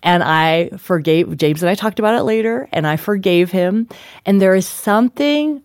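A woman guest in an interview, an author telling animated stories with frequent laughter. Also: medium pitch, normal speed, dry recording, clean studio sound. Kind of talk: interview storytelling.

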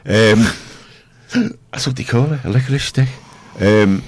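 A man's voice: mid-range voice, unhurried. A man hosting a local radio show, chatting casually in a rambling, jokey way. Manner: rambling, jokey, self-mocking. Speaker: radio host.

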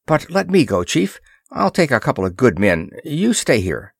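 A man's voice: mid-range voice, very animated, normal speed, creaky, husky, no echo, clean studio sound, pitched above the performer's own voice, exaggerated voice. A man voicing an easygoing, joking adventurer sidekick. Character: wry adult male sidekick adventurer.

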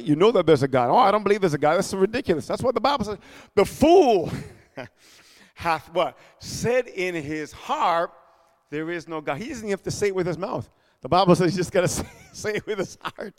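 A man preaching a sermon, animated, with constant call-and-response amens and hallelujahs. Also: sits high. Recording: echoey hall.

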